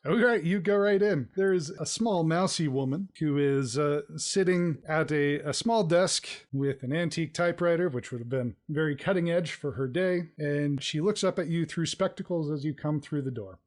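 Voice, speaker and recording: A man's voice: on the high side, normal speed, few pauses, a little mellow. Playful male game master. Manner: playful, laughs often. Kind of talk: narrating a tabletop game.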